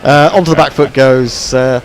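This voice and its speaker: A man doing relaxed ball-by-ball cricket commentary on an internet radio stream, chatty and dry, with plenty of fillers. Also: mid-range voice, moderate pace. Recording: faint background noise.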